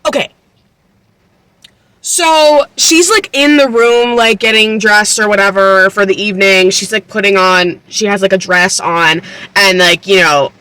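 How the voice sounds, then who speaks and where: A woman's voice: medium pitch, fairly even intonation, a little slow, sharp tone, clean tone. A woman in her twenties recapping a book casually, chatty and incredulous, full of fillers and swearing. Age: 20s. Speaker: book vlogger.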